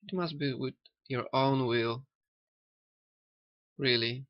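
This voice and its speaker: A gravelly, medium-pitched man who learned later in life reflects spiritually and loosely on a cartoon, talking slowly with halts and repetitions. The dull, lo-fi recording is dry, seemingly captured close up with a cheap microphone.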